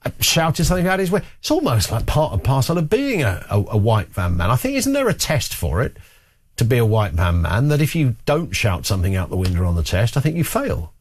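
A man hosting a talk radio phone-in, with the joking, rambling manner of a chat between callers. His pitch swings a lot as he tells stories. The tone is middling for a man. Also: a little fast, husky. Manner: chatty, jokey, lively storytelling. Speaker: radio talk show host.

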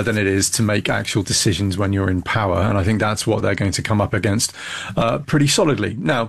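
Man, low voice, gravelly, blunt, emphatic commentary, think tank guest. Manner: blunt, emphatic, many restarts. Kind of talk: political commentary interview.

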